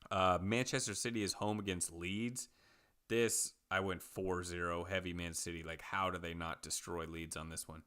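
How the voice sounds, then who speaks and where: Podcast guy talking soccer bets, bright crisp voice, loose and rambly. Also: sits low, moderate pace. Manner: relaxed, rambling with fillers. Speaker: podcast co-host. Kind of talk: casual sports betting chat.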